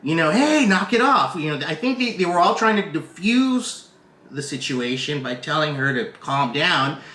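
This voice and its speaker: Animated, profane male podcast co-host. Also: fairly high pitch, normal speed, echoey room. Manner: animated, profane, acts out quotes in raised voice. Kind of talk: casual storytelling chat.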